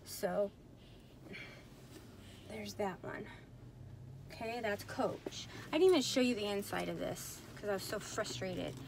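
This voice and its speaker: A woman's voice: medium pitch, unhurried, gravelly, long pauses, darkish tone, slight background noise. Chatty woman showing purses. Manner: chatty, frustrated, self-talking, says "y'all" and "you guys". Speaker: purse reseller vlogger. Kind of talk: casual haul vlog. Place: indoors at night, dim room.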